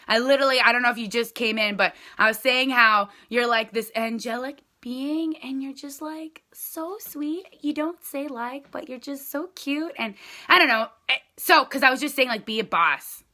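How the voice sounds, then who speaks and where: Brief: bright, rambling woman, sales team leader talking straight to her viewers, voice sits a bit high. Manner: chatty, rambling, addresses viewers directly. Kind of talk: casual live chat to viewers.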